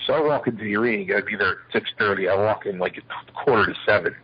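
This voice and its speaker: A retired wrestler spins lively anecdotes in a sit-down interview, voicing the back-and-forth of each exchange himself. His voice is very husky, and the recording sounds dull and lo-fi. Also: lowish voice, very fast. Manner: lively anecdotes, acting out quoted dialogue. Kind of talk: shoot interview storytelling.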